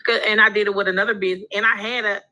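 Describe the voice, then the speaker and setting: A woman calls into a live Q&A with a bright, crisp voice. She is eager and chatty, explaining her situation at length. Her pitch sits in an ordinary middle range. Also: fairly even intonation, rapid-fire, poor audio. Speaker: caller asking questions. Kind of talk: live call-in question.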